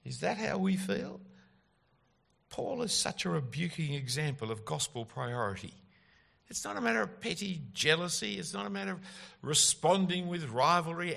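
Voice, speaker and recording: A man's voice: on the high side, creaky, pushed and bright. A man preaching an expository sermon, emphatic and full of rhetorical questions.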